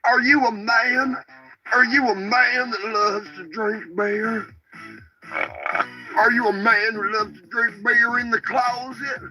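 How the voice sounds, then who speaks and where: A man reading a parody beer commercial as a booming salesman-style announcer. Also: fairly even intonation, takes it slowly, over music, poor audio. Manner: booming salesman pitch with crude jokes. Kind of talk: mock TV commercial voice-over.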